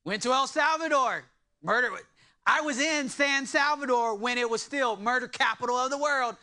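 A man preaching a sermon in an animated way, with joking asides to his congregation. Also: very high voice, moderate pace. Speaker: pastor.

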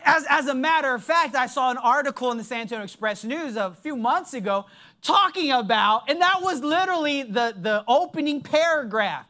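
A preacher giving a sermon in an emphatic, deliberate way, dropping his voice low to stress points. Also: expressive, sharp tone.

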